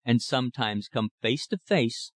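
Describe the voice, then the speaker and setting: A man narrating a novel in a measured, expressive reading. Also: medium pitch, no echo. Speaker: audiobook narrator. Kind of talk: scripted narration.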